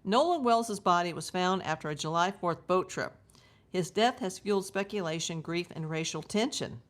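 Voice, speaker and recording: A woman's voice: lowish voice, normal speed. A woman from the United States hosting a true crime livestream, chatting casually and drifting into side stories as she talks to her viewers. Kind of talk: live casual commentary.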